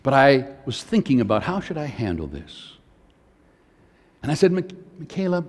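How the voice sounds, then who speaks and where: An older male pastor delivers a sermon in a relaxed, storytelling way, speaking with an easy conversational rhythm. His voice sits at an ordinary male pitch. It rings out with a long reverb, as if heard in a large hall. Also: moderate pace, pauses often.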